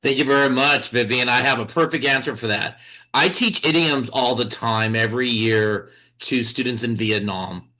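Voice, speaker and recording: A man's voice: mid-range voice, normal speed, bright, forceful tone, low-quality recording. A man who teaches English giving a confident impromptu speech at a club meeting.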